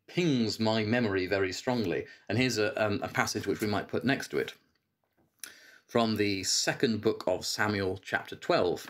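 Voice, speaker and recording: Thoughtful low-voiced man lecturing on a book. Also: normal speed, a bit bright. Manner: thoughtful, with hesitations and restarts. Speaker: church reader giving a book talk. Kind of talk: reflective literary lecture.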